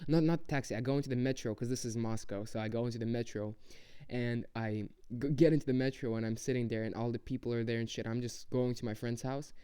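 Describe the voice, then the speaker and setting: A man's voice: medium pitch, steady tone, fast, dark tone, clean tone. A young man casually telling a rambling, profane story as a vlogger.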